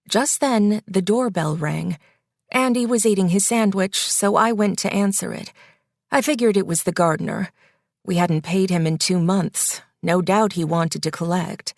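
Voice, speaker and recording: A woman narrating a first-person audiobook in a measured, wry reading. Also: mid-range voice, vocal fry, no room sound, studio quality.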